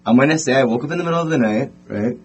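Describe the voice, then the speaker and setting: A man's voice: mid-range voice, rapid-fire, darkish tone, breathy edge. A man voicing a sheepish, scheming drunk husband in a casual story. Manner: pleading, then smug.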